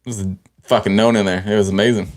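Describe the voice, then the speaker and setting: A man's voice: fairly low pitch, steady tone, fast talker. A man co-hosting a sports podcast, talking in a loose, profane, joking way. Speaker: podcast co-host. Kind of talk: casual sports chat.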